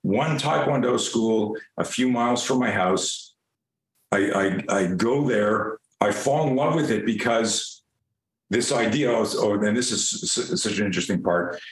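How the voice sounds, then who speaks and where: A man guest on a podcast, telling a story in a lively, animated way, swearing casually and acting out the scenes. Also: fairly low pitch, measured pace, roomy sound, poor audio.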